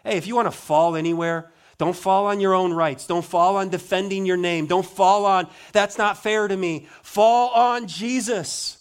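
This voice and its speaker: Dramatic preaching man, slightly high voice. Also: clear, resonant tone. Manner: dramatic, with sudden slow emphatic stresses and soft asides. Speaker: pastor. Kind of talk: sermon.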